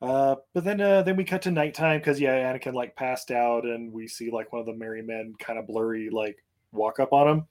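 A man's voice: medium pitch, brisk, hardly any pauses, darkish tone. A man co-hosting a casual movie podcast, recapping scenes with lots of fillers and laughter. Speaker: podcast co-host. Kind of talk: casual movie review chat.

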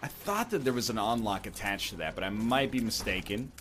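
A man's voice: fairly low pitch, big pitch swings, a little fast, fairly bright tone, a little hiss or hum. Wry rambling man commenting on gameplay. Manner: wry, meandering, jokey asides.

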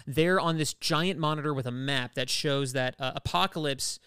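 A man co-hosting a podcast, recapping a cartoon with animated storytelling and frequent laughs. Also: mid-range voice, normal speed, smooth, no echo, clean studio sound. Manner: animated storytelling, puts on silly character voices, laughs often. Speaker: podcast co-host. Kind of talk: casual recap chat.

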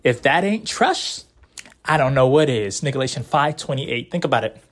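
A man's voice: mid-range voice, expressive, normal speed, a bit bright. A young man hosting a casual advice monologue, talking in blunt, profane, laid-back slang.

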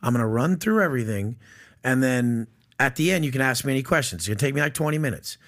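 Man, podcast guest, gravelly, blunt, profane, aggressive. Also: medium pitch, lively intonation, quick pace, a bit bright. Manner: aggressive, swearing, acts out quoted exchanges. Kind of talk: blunt, profane casual talk.

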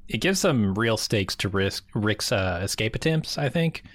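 A man's voice: fairly low pitch, lively intonation, a little slow, a bit bright. A man co-hosting a podcast in casual chat, wry and joking. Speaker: podcast co-host.

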